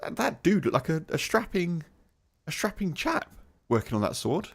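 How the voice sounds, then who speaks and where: Gravelly, lively man in his forties. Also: fairly high pitch, moderate pace. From England. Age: 40s. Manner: musing, chatty, with hesitant restarts. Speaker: gaming YouTuber. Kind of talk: game playthrough commentary.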